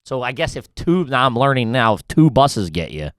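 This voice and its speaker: A man's voice: mid-range voice, very animated, moderate pace, smooth, dry recording, studio quality. A man co-hosting a comedy podcast, ranting in exasperated casual banter with lots of swearing. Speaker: podcast co-host.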